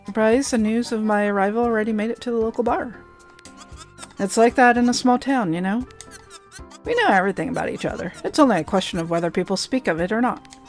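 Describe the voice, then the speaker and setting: A woman's voice: on the high side, quick pace, soft background music, lightly acted. A woman reading the lines of a friendly, knowing small-town woman bartender in her own plain voice, easygoing and welcoming.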